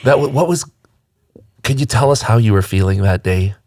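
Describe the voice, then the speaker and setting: A man's voice: on the low side, moderate pace, darkish tone, no echo, clean studio sound. A man hosting an interview, chatty and encouraging, with frequent uh-huhs. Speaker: interview host. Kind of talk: casual interview.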